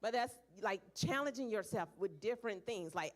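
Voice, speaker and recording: A young woman speaking at a church leadership meeting, lively and animated, acting out little voices in her stories. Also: medium pitch, moderate pace, few pauses.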